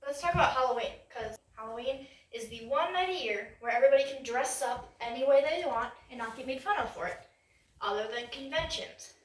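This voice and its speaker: A young woman doing a chatty, self-mocking stand-up comedy set, acting out quick voices. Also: high-pitched, roomy sound, distant mic, a little hiss or hum, poor audio. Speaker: stand-up comic. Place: stage before a live audience.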